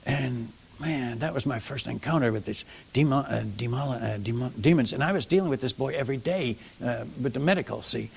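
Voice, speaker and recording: Older man, gravelly, mid pitch; folksy storytelling sermon, animated, talks straight to the crowd. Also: a little fast, hardly any pauses. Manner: animated, folksy, addresses audience as folks and friends. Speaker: missionary preacher.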